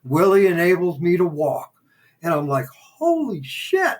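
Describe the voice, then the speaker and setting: An older man telling stories as a podcast guest in a casual interview, lively and acting out the voices of people in his anecdotes. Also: on the high side, moderate pace. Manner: animated raconteur who acts out quoted dialogue.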